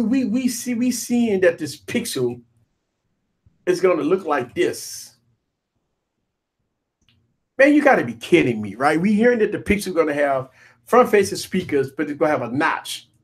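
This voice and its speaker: A high-pitched, slightly husky man hosts a live tech stream. He rants and jokes, swinging his pitch up and down as he circles back to the same points again and again. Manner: animated, repetitive, joking rants. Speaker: tech show host.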